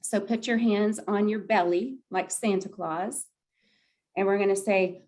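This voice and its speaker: A woman's voice: medium pitch, steady tone, unhurried, darkish tone. A woman leading a group laughter yoga session, chatty and upbeat, often breaking into laughter. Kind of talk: guided group exercise session.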